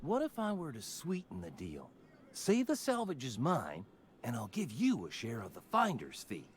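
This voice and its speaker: A man's voice: medium pitch, wildly swooping pitch, normal speed, slight background noise. An actor voicing a petty, hotheaded male junk salvager in a video game, with a whiny, indignant manner. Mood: blustering.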